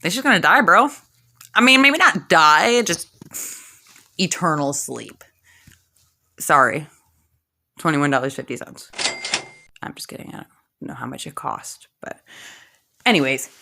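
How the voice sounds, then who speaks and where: A woman's voice: sits low, animated, a little slow, gravelly, pauses often, bright, forceful tone, slight background noise. A woman telling a comic story with sassy, slangy asides. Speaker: comedic storyteller.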